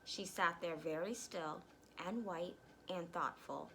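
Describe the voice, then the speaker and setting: A woman reading a children's storybook aloud, pausing to explain words for young listeners. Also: on the low side, a bit bright, a little hiss or hum, poor audio. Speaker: reader.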